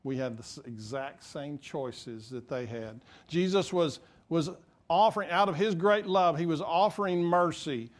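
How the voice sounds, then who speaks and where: A man preaching a sermon as pastor, earnest and rising to emphatic peaks. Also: on the high side.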